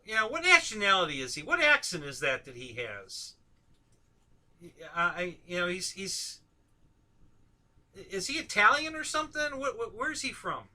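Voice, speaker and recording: A man with a high, very bright voice hosts a relaxed live stream conversation. He talks in a loose, chatty way, often laughing and tossing questions to the people he is talking with. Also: moderate pace, pauses often. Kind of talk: casual chat on a live stream.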